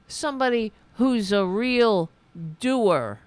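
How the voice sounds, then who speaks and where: This woman's voice sits on the low side, with lively intonation and an unhurried delivery, recorded with no room sound. She hosts a political commentary show over faint music, chatting casually while mockingly reading comments aloud in sarcastic, imitating voices.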